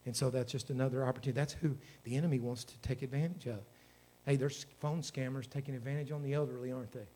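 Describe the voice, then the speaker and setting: A man's voice: medium pitch, steady tone, fast, warm tone. A man, a pastor preaching a sermon in a folksy storytelling way that builds to fervent exhortation.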